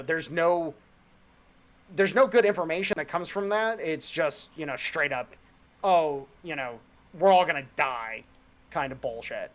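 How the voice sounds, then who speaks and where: A man's voice: on the high side, fairly bright tone. A man co-hosting a casual podcast, talking in a heated, rambling and profane way. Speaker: podcast co-host.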